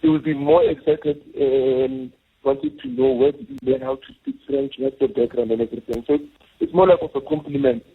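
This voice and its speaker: A South African man calling in to a radio show, speaking haltingly with many hesitations. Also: a little high, animated, vocal fry, slightly rough. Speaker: caller. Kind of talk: casual radio call-in chat. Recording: tinny phone line.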